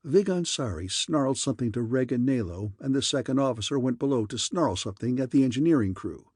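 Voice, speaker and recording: Brief: male narrator reading classic sci-fi, husky and dry, close to the mic. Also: mid-range voice, brisk, no room sound. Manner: steady storytelling. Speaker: audiobook narrator. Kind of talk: scripted narration.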